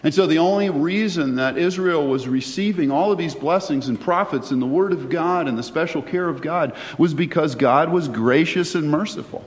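A man preaches with a fairly high voice, chatting with his listeners and asking them questions as he goes. His words ring out with a long hall reverb. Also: normal speed, hardly any pauses. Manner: conversational, asks the listeners questions. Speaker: pastor. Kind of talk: sermon.

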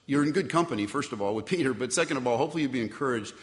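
A man's voice: mid-range voice, lively intonation, racing. Preaching man in a reverberant church hall. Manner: conversational preaching with rhetorical questions and acted-out quotes. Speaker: pastor. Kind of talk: sermon. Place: church sanctuary. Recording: long reverb from a large hall.

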